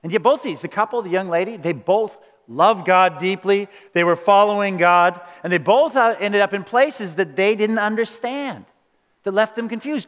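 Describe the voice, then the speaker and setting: Male pastor, high voice, earnest conversational sermon, long hall reverb. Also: lively intonation, moderate pace, fairly bright tone. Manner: conversational, earnest, many rhetorical questions.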